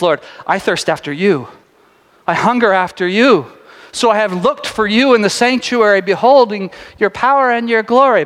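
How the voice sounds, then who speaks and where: Man, pastor, high-pitched voice, fast chatty sermon, self-interrupting, long church-hall reverb. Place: church sanctuary before a congregation. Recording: long reverb of a large sanctuary.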